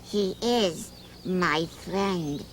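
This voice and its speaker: A woman voicing a hopeful little boy, speaking slowly and earnestly in a storybook reading. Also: sits high, fairly bright tone, a little hiss or hum. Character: little boy waiting for his teddy bear.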